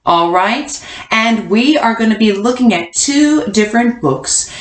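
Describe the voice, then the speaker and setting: A woman teaching a kindergarten class online, coaxing answers with slow, sing-song hints. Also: fairly high pitch, lively intonation. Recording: echoey room.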